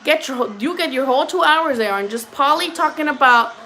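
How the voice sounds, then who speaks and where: Woman host, home livestream, chatty and foul-mouthed, high and bright. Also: lively intonation, fairly quick. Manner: profane, chatty, often laughing. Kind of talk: casual livestream chat reacting to boxing.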